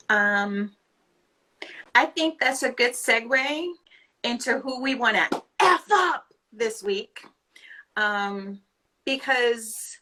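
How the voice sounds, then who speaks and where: A woman co-hosting a casual talk show, leading into topics in a relaxed, unhurried way. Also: a little high, low-quality recording. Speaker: podcast co-host. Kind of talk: casual chat.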